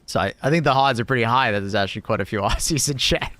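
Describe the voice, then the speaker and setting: A man's voice: mid-range voice, quick pace, fairly bright tone. A British man streaming a game, chatting casually with his viewers, laughing often and swearing at the game. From Britain. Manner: laughing, swearing, reacting to chat. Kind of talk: casual livestream chat while gaming.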